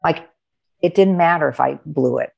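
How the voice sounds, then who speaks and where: A woman's voice: sits low, normal speed, creaky, husky, dull audio. A middle-aged woman coach, a guest on an interview, telling stories with animation and acting out the dialogue of other people. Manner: animated, acts out quoted dialogue. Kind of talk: conversational storytelling.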